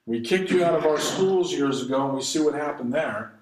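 A man delivers an impassioned sermon, his voice sitting a little high. His delivery swells and drops as he reads scripture and presses his point. The sound carries an echo, as if he is in a reverberant room. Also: lively intonation, fairly quick, darkish tone. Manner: impassioned, rising and falling delivery. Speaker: preacher.

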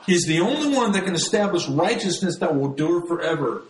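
A man's voice: fairly high pitch, animated, a little fast, reverberant, slight background noise, rough recording. A man teaching from the Bible in a conversational sermon style, talking to his listeners as folks. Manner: conversational, addresses listeners as folks, frequent restarts.

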